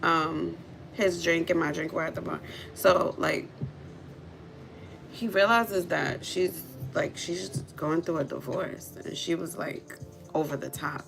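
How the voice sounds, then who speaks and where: A woman on a livestream chats her way through a story, chatty and animated. Her voice sits low and often drops into fry. She talks directly to her viewers. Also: measured pace, over music, poor audio. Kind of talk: casual storytelling chat.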